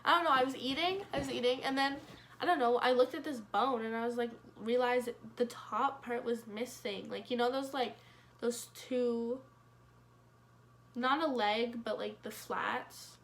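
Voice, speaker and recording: Young woman vlogger, higher voice, meandering storyteller, casual cursing, wry jokes at her own expense. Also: steady tone, normal speed, a little hiss or hum. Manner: rambling, filler-heavy, swearing casually; wry self-mocking.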